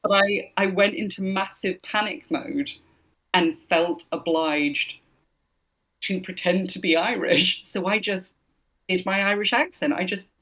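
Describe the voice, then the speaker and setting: Brief: woman guest, voice actor, casual chatty storyteller, lively anecdotes, medium pitch. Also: unhurried. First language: English. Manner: chatty storyteller, frequent restarts and laughs. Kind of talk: casual interview chat.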